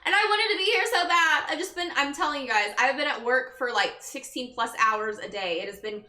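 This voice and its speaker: A young woman streamer sounding worn out as she chats with her viewers and greets each one by name. Her voice is bright and fairly high. The room is echoey, with faint music playing behind her. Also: animated, a little fast. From Texas. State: exhausted. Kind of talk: casual chat with viewers. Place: her bedroom.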